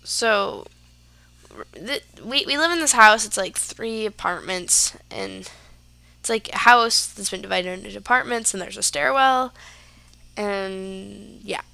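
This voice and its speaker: A woman's voice: mid-range voice, slow pace, gravelly, bright, forceful tone, dry recording. A teenage girl hosting a podcast, telling a story casually with lots of "like" and "yeah". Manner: chatty, lots of fillers like "like" and "yeah". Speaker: podcast host.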